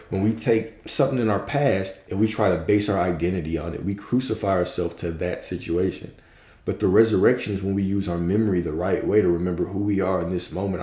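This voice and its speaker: A man's voice: low-pitched, brisk, mellow, reverberant. A man giving a spiritual teaching talk as a coach, emphatic and preachy, with casual profane asides.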